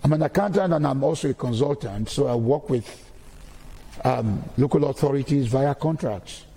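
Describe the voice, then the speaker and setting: A man's voice: medium pitch, moderate pace, dark tone, in a large hall. A man giving a sermon-style testimony in a church, repeating key phrases as he preaches.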